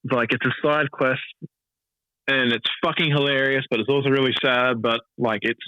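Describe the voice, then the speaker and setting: A man's voice: medium pitch, fairly even intonation, normal speed, pushed and bright, no room sound, muffled recording. A man who is a wrestler and a podcast guest, chatting casually with lots of fillers, swearing and laughing. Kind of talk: casual interview chat.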